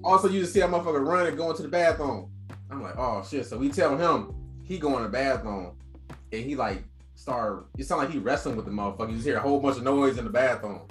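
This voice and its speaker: A man on a podcast telling wild, profane stories about a friend's messy house in a loose, animated way. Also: mid-range voice, fast, roomy sound, faint music behind. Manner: animated, slangy, profane storyteller. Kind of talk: casual storytelling chat.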